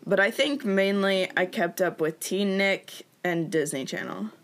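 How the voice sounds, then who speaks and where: A young woman, co-hosting a podcast in casual chat, chatty and quick to laugh, her voice still in its morning state. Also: medium pitch. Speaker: podcast co-host.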